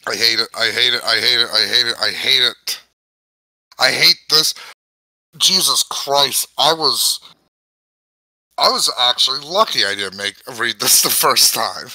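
A man reads a dense book aloud at a slow, halting pace, tripping over words. His voice is bright and sits a little high. He sounds exasperated and swears freely, in a dry close recording. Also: animated, no room sound, poor audio. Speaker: podcast host reading a book aloud. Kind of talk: casual reading with banter.

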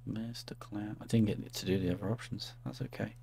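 A man's voice: on the low side, fast, gravelly, dark tone. A man casually commenting while playing an adventure game at his desk, muttering offhand asides. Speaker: let's play host.

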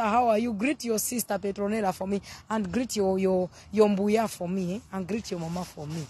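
A woman from southern Africa preaching casually on a live stream, exuberant and loud in bursts, greeting viewers by name. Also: medium pitch, steady tone, normal speed, hardly any pauses, breathy edge.

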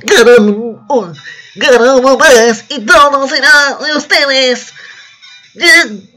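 A Spanish-speaking man voicing a sly, scheming male devil who runs a casino, reading a game cutscene aloud in a squeaky put-on voice. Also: takes it slowly, bright, forceful tone, soft background music, full character voice. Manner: squeaky high put-on voice, drawn out.

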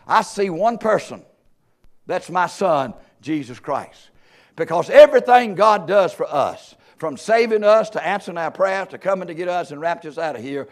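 A man preaching, his voice sitting high for a man. He drives his points through rhetorical questions, swelling loud on key words and dropping low between them. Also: lively intonation, normal speed. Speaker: pastor. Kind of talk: sermon.

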